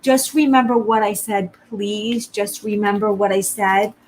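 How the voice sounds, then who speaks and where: Earnest woman medium, soft hiss behind. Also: medium pitch, fairly even intonation, unhurried, rough recording. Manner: earnest, reassuring, repeats phrases. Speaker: psychic medium. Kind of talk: live-streamed reading, casual talk to viewers.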